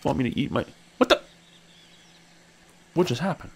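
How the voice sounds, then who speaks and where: A man hosting a let's play, chatting as he plays, thinking aloud and talking to his character, with sudden excited high exclamations. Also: moderate pace, vocal fry, breathy edge. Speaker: gaming channel host.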